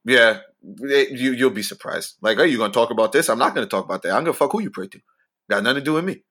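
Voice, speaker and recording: A man's voice: medium pitch, lively intonation, rapid-fire, fairly bright tone. A man with a lisp co-hosting a podcast, talking in a blunt, crude, joking way. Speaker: podcast co-host. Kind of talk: casual podcast banter.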